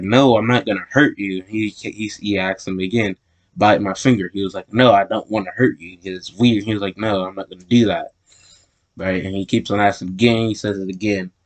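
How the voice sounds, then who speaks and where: A man with a fairly low voice tells a story in a loose, casual way. He wanders through the telling, restarting and correcting himself as he goes. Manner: rambling, self-correcting retelling.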